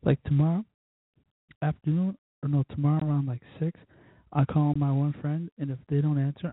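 A man with a husky, slightly high voice holds forth in a blunt, profane, exasperated rant. The sound is tinny and phone-like, bone dry with no room around it. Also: steady tone, moderate pace, no room sound. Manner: blunt, cussing, exasperated ranting. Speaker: podcast host. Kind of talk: profane casual monologue rant.

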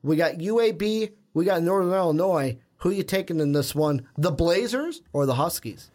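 A young man with a fairly high voice co-hosts a casual sports podcast. He rambles in a chatty way, trails off and corrects himself mid-sentence. He speaks into a podcast mic. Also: animated, moderate pace, darkish tone. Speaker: podcast co-host.

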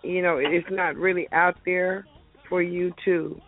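A woman's voice: lowish voice, steady tone, measured pace. A woman calls in to a radio show and rambles hesitantly, repeating words as she searches for them. Her voice comes through a thin, tinny phone line. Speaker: caller. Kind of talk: casual call-in question.

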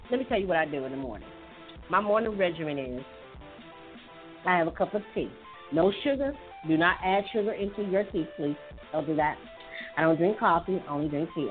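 A woman hosting a casual tips show, chatting loosely with many fillers and restarts. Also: on the low side. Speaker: host giving health tips. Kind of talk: casual chat. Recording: tinny phone-like audio with faint music.

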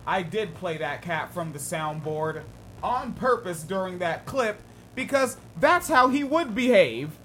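A man's voice: sits high, lively intonation, unhurried, sharp tone, slight background noise. A man co-hosting a talk podcast in casual, profane, joking banter. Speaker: podcast co-host. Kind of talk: casual chat.

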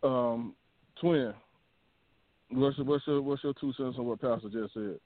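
A man hosting a casual chat, laid-back and drawn-out, chuckling now and then. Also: mid-range voice, no echo. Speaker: host. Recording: tinny phone line.

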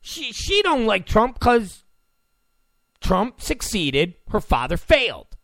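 A combative man hosts a political commentary monologue and hammers his points by repeating them. His pitch is fairly high and swings widely. He talks slowly into a dry, close mic. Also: wildly swooping pitch, a bit bright, no room sound. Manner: combative, repeats phrases for emphasis.

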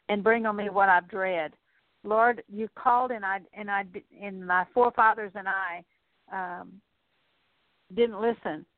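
A woman leading a slow, earnest spoken prayer of repentance in a repetitive litany. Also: medium pitch, no echo. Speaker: prayer minister. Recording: dry, tinny phone-like sound.

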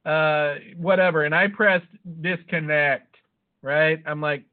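A man's voice: a little high, slow pace. A man hosting a podcast, telling stories in loose, profane casual banter. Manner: profane, animated storyteller. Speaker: podcast host. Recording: tinny phone-like sound.

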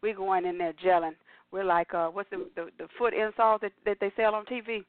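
A woman hosting a casual radio sports chat, animated and laughing, often repeating words as she hypes the show. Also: medium pitch, fairly quick, dry recording. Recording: tinny phone-line sound with faint music.

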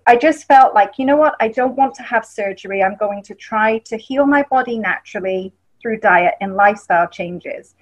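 English-accented woman guest, somewhat high voice. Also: low-quality recording. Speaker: guest, wellness author. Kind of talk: interview storytelling.

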